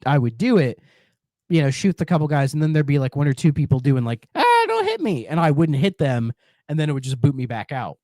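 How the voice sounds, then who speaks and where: A man's voice: medium pitch, brisk, no room sound, studio quality. A man co-hosting a podcast, chatting casually and in a rambling way about retro games. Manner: rambling, animated, acts out game lines in silly voices. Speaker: podcast co-host.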